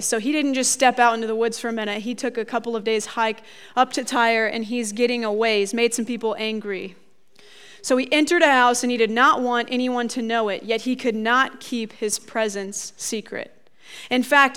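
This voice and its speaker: Smooth-voiced woman preaching a sermon. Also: fairly high pitch. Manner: conversational, animated asides. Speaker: pastor.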